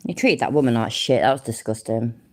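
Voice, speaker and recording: Low-pitched sweary woman streamer. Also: a little fast. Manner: blunt, swears heavily, sarcastic. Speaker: livestream reaction host. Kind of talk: casual live commentary on a played video.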